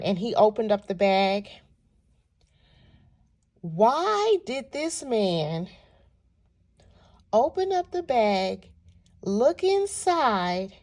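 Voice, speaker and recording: A woman from California tells a personal story in an animated, chatty way. Her voice is on the higher side. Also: very slow, long pauses. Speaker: vlogger. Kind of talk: storytelling vlog.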